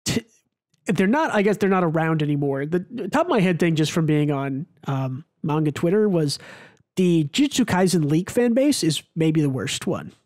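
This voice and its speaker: An American man with a high-pitched voice talks casually as a podcast co-host, animated and quick to swear. The sound is dry and close to the mic, with no room echo at all. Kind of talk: casual chat.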